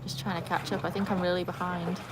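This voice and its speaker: At a quick pace, a British woman with a lowish, fairly flat voice hosts a casual livestream by an outdoor pool. She chats with viewers, reads their comments, and coaxes her dogs, all in a very noisy setting full of splashing and barking.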